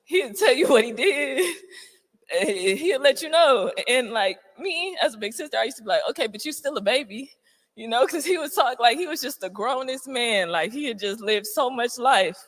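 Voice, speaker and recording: A woman's voice: on the high side, animated, moderate pace, fairly bright tone. Woman, eulogy, holding back tears, speaking in a big echoing hall. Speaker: family member giving a eulogy. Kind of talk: heartfelt memorial speech. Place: memorial gathering before a crowded room. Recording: long reverb in a large room.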